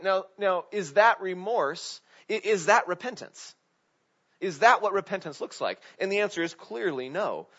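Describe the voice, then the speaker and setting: A man's voice: sits high, animated, moderate pace, fairly bright tone. A man preaching a casual sermon, asking his congregation questions and leaning on filler words. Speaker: pastor. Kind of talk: conversational sermon. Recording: dull lo-fi recording.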